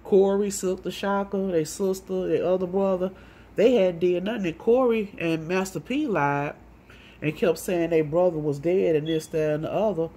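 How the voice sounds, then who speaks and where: A woman telling a rambling personal story in a casual monologue, profane and animated, often acting out what others said. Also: on the low side, normal speed.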